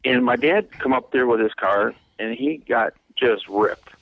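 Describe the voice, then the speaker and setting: A man's voice: mid-range voice, measured pace, gravelly, narrow, tinny audio. A race car driver in his fifties, from Wisconsin, telling a long rambling story in a radio interview, laughing and repeating words as he gets going.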